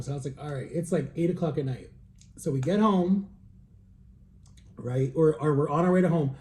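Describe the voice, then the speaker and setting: A young man casually telling a story while tasting wine, animated, acting out quotes with jumps in pitch. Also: normal speed, pauses often, roomy sound. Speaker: vlogger.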